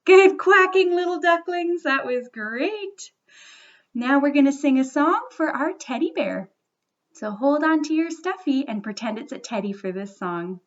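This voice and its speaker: A young woman reads a bedtime story to small children, her high voice soft, playful and coaxing. She takes her time, drawing the little ones in to join along. The recording sounds a little dull and muffled. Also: expressive, a little slow. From Canada. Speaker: children's librarian.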